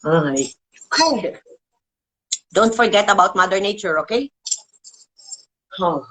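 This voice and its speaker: A woman hosting her own show, delivering an agitated, swearing political rant with emotional pitch swings and halting restarts. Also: expressive, rough recording. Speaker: show host. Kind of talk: ranting political monologue.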